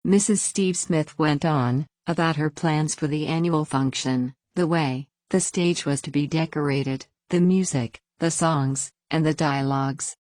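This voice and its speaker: Female story reader, very low voice, dry close sound, plain even first-person narration. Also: a little slow, hardly any pauses, no room sound.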